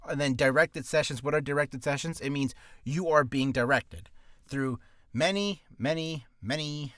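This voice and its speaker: A man's voice: a little high, moderate pace, a bit bright, no echo. Goofy rambling man, dry close mic. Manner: goofy, rambling, self-interrupting. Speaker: voice actor vlogger. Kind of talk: casual screen-share vlog.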